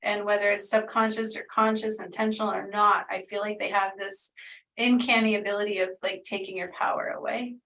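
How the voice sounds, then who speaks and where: Woman healer, rambling and earnest, with fry in the voice and a distant mic. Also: medium pitch, level tone, fairly quick, a bit bright. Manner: meandering, filler-heavy, earnest. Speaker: spiritual healer channeling energy. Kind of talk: casual spoken energy reading.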